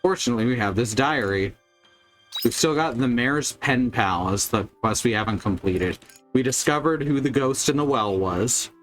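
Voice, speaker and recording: A man's voice: mid-range voice, expressive, moderate pace, fairly bright tone, faint music behind. A man streaming a video game, chatting casually with a rambling, wry manner and casual swearing. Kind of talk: casual gameplay chat.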